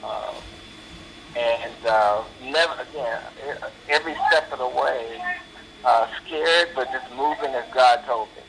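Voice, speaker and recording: A man's voice: mid-range voice, a little slow, a bit bright. An older man, an actor and interview guest, telling earnest, faith-filled stories in a rambling casual way with many fillers, while dealing with pain. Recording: echoey, distant with noticeable background noise.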